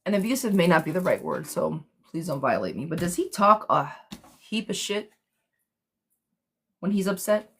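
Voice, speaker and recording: A woman with a fairly low voice giving a casual live tarot reading to her viewers. She is blunt and excitable, calling people pet names and swearing freely as she lays out the cards. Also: normal speed, long pauses, slight background noise.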